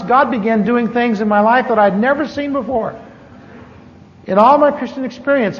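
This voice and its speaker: Higher-voiced man preaching in an echoey hall. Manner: conversational storytelling with halting restarts. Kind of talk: personal testimony sermon. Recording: echoey hall, dull lo-fi tape.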